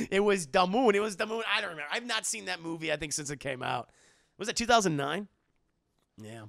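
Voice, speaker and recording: Young male streamer, high lively voice, gravelly edges, bright and dry, rambling and profane. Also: no room sound. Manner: rambling, profane, excitable, answers chat. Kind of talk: casual live-stream chat.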